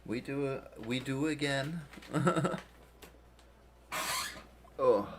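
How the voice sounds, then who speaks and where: A man's voice: mid-range voice, extremely slow, slight background noise. A tired man streaming a game, chatting casually and rambling in a self-deprecating way, laughing often. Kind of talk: casual gaming stream chat.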